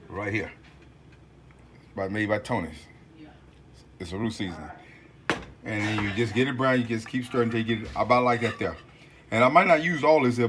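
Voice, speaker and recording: A man talks through a home cooking video in a folksy, excitable way, his voice at an ordinary middle pitch. Food sizzles quietly on the stove behind him in the home kitchen. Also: slight background noise. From Texas. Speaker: home cooking channel host. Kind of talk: casual cooking video talk.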